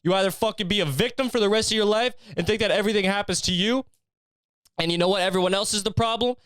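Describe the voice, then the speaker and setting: A man's voice: high-pitched, quick pace, fairly bright tone, clear, resonant tone, voice pushed up. A man putting on a relentless, profane motivational coach who barks orders at a listener. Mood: fired up. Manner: barking, profane, hard-driving. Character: shouting male motivational drill coach, relentless.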